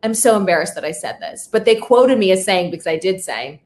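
A young adult woman hosting a podcast in casual chat, telling stories in an animated, self-deprecating way. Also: mid-range voice, fairly quick, a little hiss or hum. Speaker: podcast host.

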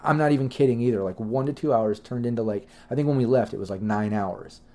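Mellow-voiced man rambling casually. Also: mid-range voice, quick pace. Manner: loose, profane, chatty with frequent fillers. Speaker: livestream host answering chat questions.

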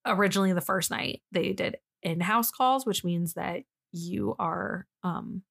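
A young woman co-hosting a podcast who retells a story with animated, slangy energy. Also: medium pitch, unhurried, vocal fry. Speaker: podcast co-host. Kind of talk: casual storytelling chat.

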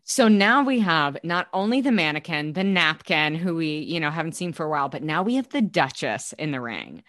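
Animated young woman recapping with swears. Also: low-pitched, fairly quick, no room sound, studio quality. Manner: animated, swearing, breaks into shrieks and laughter. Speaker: podcast co-host. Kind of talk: casual recap chat.

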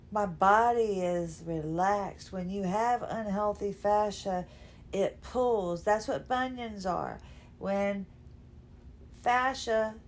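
A woman's voice: medium pitch, slight background noise. A woman hosting a podcast, talking unscripted while lying down at home, rambling, emotional and often apologizing. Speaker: podcast host. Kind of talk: unscripted personal chat.

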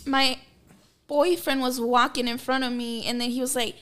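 A woman guest on a podcast, telling a story in a blunt, profane, animated way. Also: sits high, moderate pace. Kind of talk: casual storytelling.

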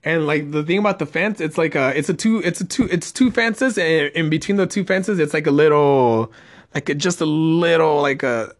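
A man's voice: a little high, normal speed. A young man telling a rambling, profane story in casual chat.

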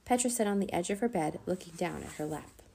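A woman reading a children's chapter book aloud in a steady storytelling way. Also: fairly low pitch, fast, vocal fry, a little hiss or hum. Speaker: narrator.

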